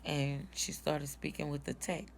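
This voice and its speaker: Woman, low voice, gravelly, casual storytelling vlog, faint background noise. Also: steady tone, measured pace. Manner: casual, retells dialogue in quotes. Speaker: mother telling birth story.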